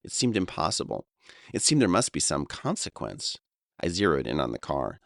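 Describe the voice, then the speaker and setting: A man in his fifties from Long Island, New York, narrates his own memoir in a wry, reflective voice. His voice is exceptionally deep, and the recording is close and completely dry. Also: wildly swooping pitch, moderate pace, vocal fry, fairly bright tone, no echo. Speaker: author and narrator.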